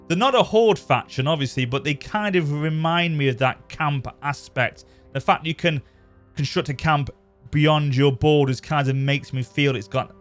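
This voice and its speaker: A man giving casual, rambling commentary over a strategy game. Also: a little high. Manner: chatty, rambling, self-correcting. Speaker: gaming channel host. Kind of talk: casual let's-play commentary.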